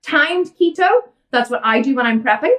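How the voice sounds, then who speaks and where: A woman's voice: sits high, animated, moderate pace, a bit bright, recorded from a distance. An Irish woman hosting a fitness Q&A, blunt and outspoken as she answers viewer questions. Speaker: fitness coach and host.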